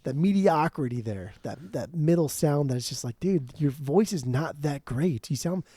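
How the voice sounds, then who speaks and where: A man in loose podcast chat, swearing often and arguing his opinions with lively energy. His voice is dark and mellow, and it is recorded dry and close. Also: fairly high pitch, moderate pace, slightly rough, no echo. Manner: animated, profane, opinionated. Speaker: podcast co-host. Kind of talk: casual music chat.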